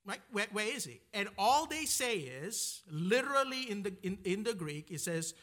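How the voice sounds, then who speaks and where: A man's voice: high voice, sing-song, moderate pace, few pauses, a bit bright. A man teaching a Bible passage in a conversational sermon style, checking in with "right?" and restarting his sentences often. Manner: conversational, asks "right?" constantly, restarts and repeats words.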